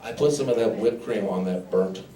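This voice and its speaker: A man's voice: fairly low pitch, normal speed, dark tone, reverberant, recorded from a distance. A man doing rambling standup comedy in a folksy cowboy manner, holding a mic in a bar and grill with a live audience. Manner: folksy cowboy drawl, rambling, breaks into silly singing. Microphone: handheld mic.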